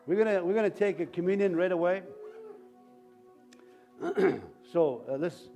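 A high-voiced man preaching to his congregation as pastor. He rambles in a folksy way, restarting his sentences, and faint music plays behind him. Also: a little slow, dark tone. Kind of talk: sermon.

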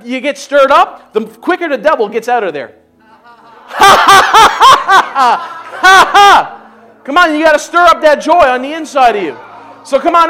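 High-voiced pastor exhorting his congregation. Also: a bit bright. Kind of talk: sermon and altar call. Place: church service.

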